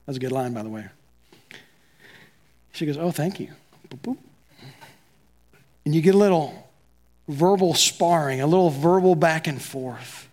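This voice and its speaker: A man's voice: on the high side, expressive, moderate pace, long pauses, darkish tone. A man preaching a sermon as pastor, talking conversationally and acting out both sides of quoted dialogue.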